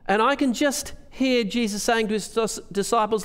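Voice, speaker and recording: An Australian pastor preaching a sermon, his high, smooth, resonant voice carrying long reverb through a church hall. He asks earnest questions and reads scripture aloud. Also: steady tone, brisk, few pauses.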